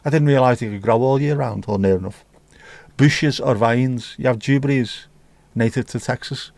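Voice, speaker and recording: A man's voice: mid-range voice, normal speed, creaky, darkish tone, no echo. Chatty male livestream host. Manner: chatty, cheeky banter with viewers. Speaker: livestream host reading chat. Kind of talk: casual chat. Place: home room.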